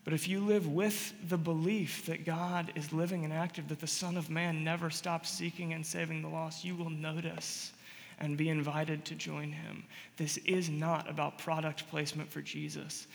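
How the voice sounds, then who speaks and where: High-voiced preacher in a reverberant hall. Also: male voice, vocal fry. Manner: storytelling, swings from loud emphatic to quiet and hushed. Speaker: pastor. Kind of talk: sermon.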